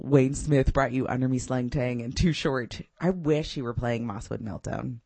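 A woman's voice: extremely low pitch, normal speed, vocal fry, few pauses, darkish tone, no echo. A woman radio DJ back-announcing songs in a casual, enthusiastic way, with frequent laughs and fillers. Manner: enthusiastic, giggly, with many "uh" fillers.

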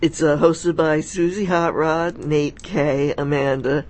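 A man's voice: on the high side, fairly even intonation. A man co-hosting a radio show in a studio, chatting agreeably and reading out event listings. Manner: unhurried, agreeable, reads out listings. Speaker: radio co-host. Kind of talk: casual on-air chat and event announcements.

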